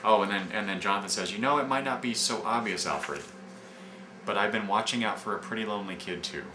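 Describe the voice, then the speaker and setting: Low-voiced guy rambling about comics, lots of ums, echoey room with noise behind. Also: brisk. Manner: rambling, many fillers and restarts. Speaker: comic book reviewer. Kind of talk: casual review, retelling scenes.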